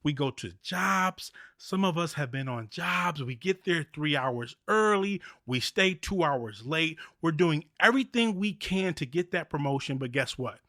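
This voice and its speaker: A man hosting a motivational faith talk podcast, talking in an animated, preachy way and repeating key phrases. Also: on the high side, a little slow, few pauses, no echo, studio quality. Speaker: podcast host.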